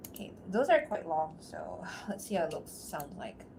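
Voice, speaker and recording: A woman's voice: fairly low pitch, sing-song, normal speed, creaky, noisy background. A woman voice actor chatting casually on a livestream between takes; she laughs often and is self-deprecating. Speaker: streamer and voice actor.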